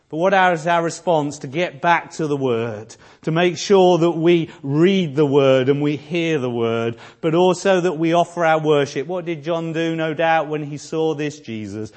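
Pastor in the pulpit, man, slightly high voice, dynamic sermon delivery from near-whisper to shout. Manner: swings from quiet, near-whispered reflection to rousing shouted exhortation. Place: church.

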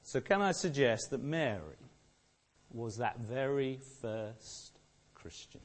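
A man preaching an Easter sermon, asking rhetorical questions and repeating key phrases, swinging between loud and soft. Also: mid-range voice, lively intonation, slow.

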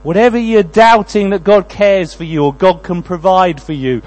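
A man preaching a sermon, moving between quiet prayerful lines and loud, pleading passages. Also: sits high, moderate pace, low-quality recording.

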